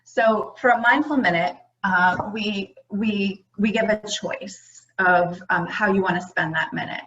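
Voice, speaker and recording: A woman's voice: medium pitch, measured pace, a bit bright. A woman mindfulness educator giving an online conference talk to teachers, conversational and full of fillers and restarts. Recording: muffled lo-fi audio.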